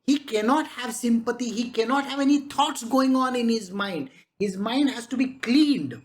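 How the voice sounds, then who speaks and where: A woman's voice: a little high, normal speed. A woman spiritual teacher giving a conversational spiritual discourse, chatting along with frequent rhetorical questions.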